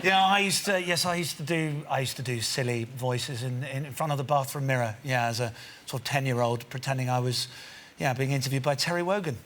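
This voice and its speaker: A man's voice: medium pitch, brisk, a bit bright, a little hiss or hum. A man, a chat show guest, recalling childhood in an amused, self-deprecating way.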